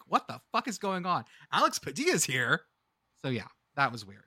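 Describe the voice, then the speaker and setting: Homme animé à la voix claire et haute. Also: male voice, fairly high pitch, no room sound, clean studio sound. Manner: animated, swearing, searching for names mid-sentence. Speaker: podcast co-host. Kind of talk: casual chat.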